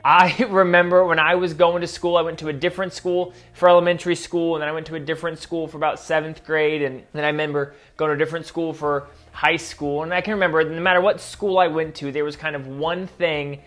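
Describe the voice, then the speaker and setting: A man's voice: a little high, steady tone, brisk, few pauses, a bit bright. A man hosting a kids' ministry talk, friendly and chatty, speaking straight to the viewer. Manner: friendly, direct address, chatty asides. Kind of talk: scripted talk to kids at home.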